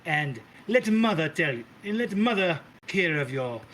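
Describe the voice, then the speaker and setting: Flamboyant, foul-mouthed mother goddess with a temper, put on by a man, theatrical and raised in pitch. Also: sing-song, measured pace, fairly bright tone, a little hiss or hum. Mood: doting. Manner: theatrical, gushing, swears, calls everyone darling.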